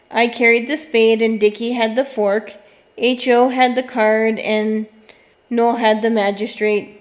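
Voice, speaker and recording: A woman reading a classic children's novel aloud in a measured, deliberate way. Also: fairly high pitch, a little mellow. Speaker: audiobook reader. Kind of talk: scripted audiobook narration.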